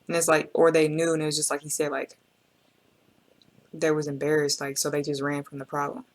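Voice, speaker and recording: A woman's voice: sits low, completely flat delivery, a little fast. A woman hosting a reaction video, talking in an emotional, reflective and casual way and speaking straight to her viewers with slang.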